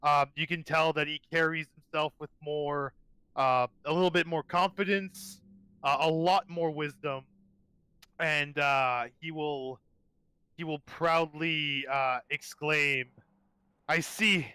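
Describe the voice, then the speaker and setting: Bright-voiced man describing his character. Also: fairly high pitch, steady tone, takes it slowly, clean tone, no room sound, low-quality recording. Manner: rambling, full of fillers and restarts. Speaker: player. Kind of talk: describing his character's actions in a tabletop game.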